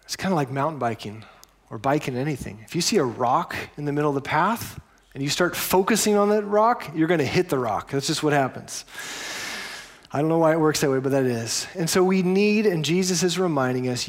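Male pastor, conversational sermon, fairly high voice, casual asides. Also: a little fast.

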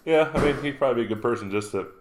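A man's voice: medium pitch, racing. A man co-hosting a casual chat, laid-back and mostly agreeing in short replies. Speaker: co-host.

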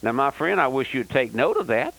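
A man's voice: medium pitch, wildly swooping pitch, a little fast, vocal fry, a bit bright, rough recording. An older man preaching a fiery, emphatic radio sermon and repeating "that's right.". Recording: old radio broadcast.

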